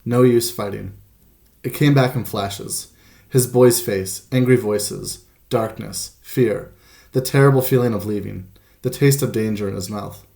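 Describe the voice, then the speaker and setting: A man reading a children's storybook aloud as the narrator, in a measured, gentle way. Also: lowish voice, vocal fry. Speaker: audiobook narrator. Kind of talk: scripted narration.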